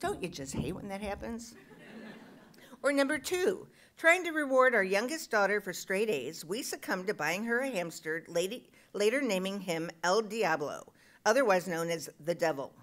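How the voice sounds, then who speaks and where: Animated woman reading a comic story. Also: mid-range voice, normal speed. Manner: self-mocking, punchy comic timing. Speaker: storyteller reading at a live show. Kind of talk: comic personal essay read aloud.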